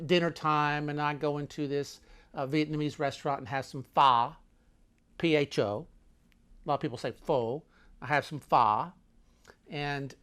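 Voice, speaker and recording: A man's voice: fairly high pitch, clear, resonant tone. A man telling a travel story casually, wandering off into asides and restarting his sentences. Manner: meandering, full of restarts and asides.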